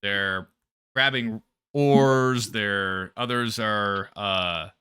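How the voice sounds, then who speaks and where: A man's voice: lowish voice, drawn-out words, bright, forceful tone, smooth, dry recording. A man narrating casually as game master of a tabletop game. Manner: casual, loose narration with swearing.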